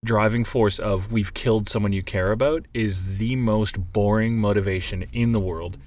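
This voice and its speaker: A man co-hosting a casual podcast chat, animated and swearing freely as he acts out movie scenes. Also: on the low side, moderate pace. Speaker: podcast co-host.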